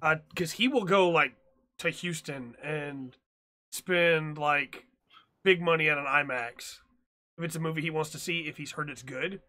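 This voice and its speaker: Bright-voiced man joking around on a podcast. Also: a little high, a little slow. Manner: joking, teasing banter. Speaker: podcast co-host. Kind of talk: casual chat.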